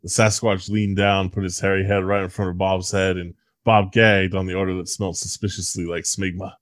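A man reading a story aloud in a deadpan, mock-serious comic style. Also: deep voice, brisk, no room sound.

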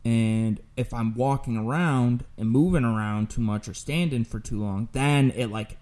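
Young male host, crude profane storyteller, mellow dark voice. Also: medium pitch, moderate pace. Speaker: podcast host. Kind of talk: casual chat.

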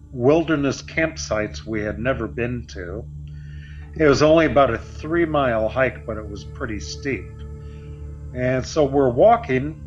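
A man in his sixties from Florida, telling a personal story in a loose, conversational way with fillers. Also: medium pitch. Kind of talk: casual storytelling. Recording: slightly muffled lo-fi audio.

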